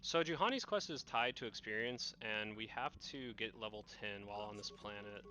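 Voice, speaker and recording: A man's voice: lowish voice, normal speed, pushed and bright, slight background noise. A man co-commentating on a game run in a casual, rambling way, often correcting himself. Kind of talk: live gameplay commentary.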